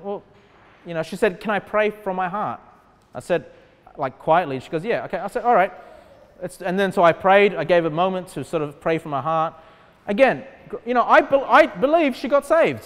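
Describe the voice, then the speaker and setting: High-voiced preacher in a reverberant church. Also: male voice, a little fast. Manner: conversational preaching, many rhetorical questions and asides. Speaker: pastor. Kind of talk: sermon. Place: church sanctuary. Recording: long church hall reverb.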